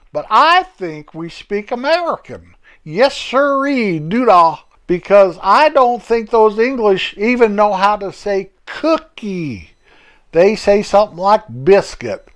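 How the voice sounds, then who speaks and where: A man's voice: high-pitched, big pitch swings, slow pace, fairly bright tone, pitched above the performer's own voice, exaggerated voice. A man voicing a chatty, jokey old country man who rambles in a homespun way. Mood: folksy. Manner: rambling, homespun, self-correcting.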